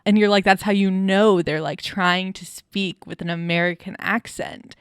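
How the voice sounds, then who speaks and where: A woman's voice: medium pitch, fairly even intonation, moderate pace, clean tone, dry recording, clean studio sound. A woman co-hosting a podcast, chatting casually and poking fun at her co-host with wry remarks. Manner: wry, teasing interjections. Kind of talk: casual chat.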